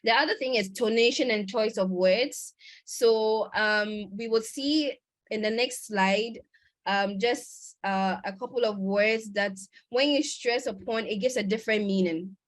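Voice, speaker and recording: A woman giving a conference lecture over a video call. She explains step by step, pausing often and correcting herself mid-sentence. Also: medium pitch. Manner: explanatory, with many pauses and self-corrections. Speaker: conference presenter. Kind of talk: lecture on research methods.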